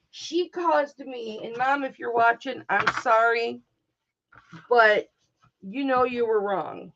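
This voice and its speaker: A middle-aged woman with a Michigan accent hosts a casual livestream, speaking slowly with a slightly high voice. She is blunt, emotional and profane. The audio is dull and lo-fi. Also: lively intonation. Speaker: livestream host.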